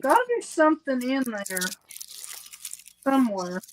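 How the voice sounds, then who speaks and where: A woman joins a crafting livestream as a guest and talks in a relaxed, plain-spoken way. Her voice is high. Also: normal speed, slight background noise, rough recording. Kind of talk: casual crafting chat.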